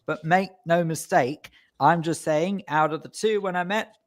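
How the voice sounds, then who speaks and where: A man's voice: on the high side, moderate pace. Dry-joking male radio host. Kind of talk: casual radio chat.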